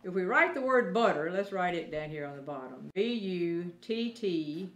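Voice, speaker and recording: A woman teaching a children's Sunday school lesson, gently explaining things step by step as she talks to children. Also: on the low side, lively intonation, normal speed, reverberant.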